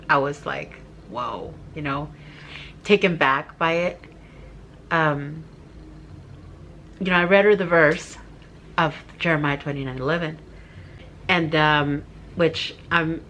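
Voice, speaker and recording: A woman's voice: deep voice, a bit bright, a little hiss or hum. A middle-aged woman vlogger telling a heartfelt personal story to her viewers, tearful and rambling with fillers.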